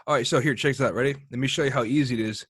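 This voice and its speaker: A man's voice: mid-range voice, rapid-fire, a bit bright, husky, no room sound, clean studio sound. Argumentative joking male podcast host. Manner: joking, argumentative, swears freely. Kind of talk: casual banter podcast.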